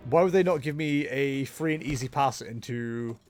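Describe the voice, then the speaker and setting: A young man streams gameplay with easygoing, joking commentary, teasing himself and chatting with his audience. His medium-pitched, darkish voice moves at normal speed over soft background music.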